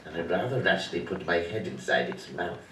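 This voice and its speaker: A man slowly telling a rambling, absurd anecdote on a comedy stage. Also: low voice, animated. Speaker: stand-up comedy performer. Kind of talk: deadpan anecdote monologue. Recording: echoey room, far from the mic, noisy.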